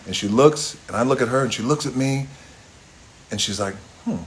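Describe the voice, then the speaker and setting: A middle-aged man from Hawaii telling a long personal story in a relaxed, rambling way on a phone live stream, stopping for toasts and asides. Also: mid-range voice, normal speed.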